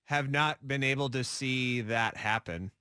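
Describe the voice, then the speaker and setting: A man's voice: mid-range voice, measured pace, clean tone, no room sound, clean studio sound. A man co-hosting a sports radio show, talking in wry, jokey banter. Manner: wry, jokey, lively delivery. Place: radio studio. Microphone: studio microphone.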